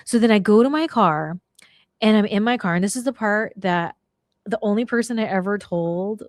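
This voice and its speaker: A middle-aged woman casually telling a story on her podcast, slangy and animated, acting out the people she quotes. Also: medium pitch, moderate pace, dry recording, clean studio sound. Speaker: podcast host.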